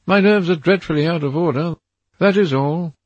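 A man voicing an anxious, brooding young gentleman who speaks in a raised, pleading way. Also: fairly high pitch, normal speed, no room sound, muffled recording, voice pushed up, lightly acted.

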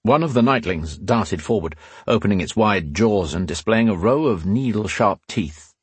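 Husky low guy narrating a fantasy audiobook, measured and dramatic, dead dry sound. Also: expressive, no room sound.

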